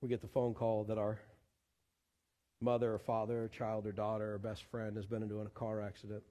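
A pastor, preaching a sermon in animated style with pleading repetitions. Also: male voice, on the low side, fairly quick. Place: church sanctuary. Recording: long church hall reverb.

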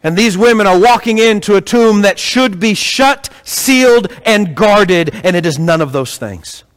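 A man preaching a sermon to a congregation, telling stories with rhetorical questions in an animated way. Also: sits high, measured pace. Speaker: pastor. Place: church hall with congregation. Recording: echoey hall.

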